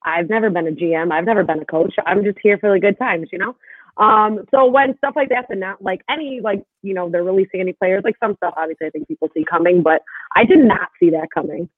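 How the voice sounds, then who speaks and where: A woman's voice: medium pitch, quick pace, no echo. A woman guest chatting casually on a podcast, giggly and self-deprecating. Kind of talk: casual chat. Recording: tinny phone line.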